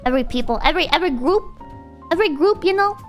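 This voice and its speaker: A woman's voice: very high voice, lively intonation, racing, faint music behind. A young woman streamer chatting casually and ranting, swearing and mock-quoting people. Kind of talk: casual livestream chat.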